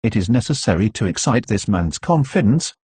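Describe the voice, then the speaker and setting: Brief: man voicing a cool, enigmatic count, husky and low, storybook read. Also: sing-song, a little fast, a little mellow, no room sound, exaggerated voice. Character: commanding, enigmatic nobleman, the Count.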